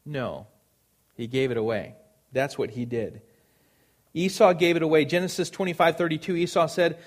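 A man's voice: fairly high pitch, expressive, moderate pace. A man preaching a sermon, earnest and emphatic, repeating phrases for stress.

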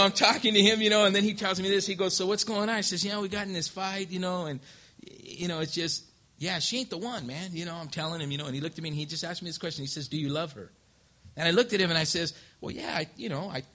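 A man's voice: a little high, bright, forceful tone. A man, telling his life story as an informal testimony sermon from a church pulpit, acting out old conversations. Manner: folksy storytelling, acts out past dialogue. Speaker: preacher. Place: church sanctuary.

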